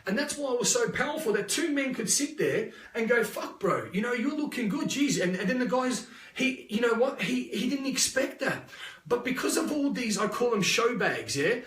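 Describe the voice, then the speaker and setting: A man's voice: very high voice, expressive, normal speed, a bit bright. Swearing Australian man, far and echoey. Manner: blunt, swears freely, restless storytelling. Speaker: motivational speaker. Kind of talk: live-streamed motivational talk.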